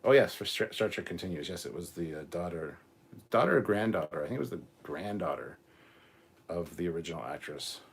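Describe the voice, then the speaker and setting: Deep-voiced man hosting a crude live stream. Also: lively intonation, a little fast, gravelly, husky. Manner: casual, crude, swears freely. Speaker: host. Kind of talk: live stream reaction, reading chat.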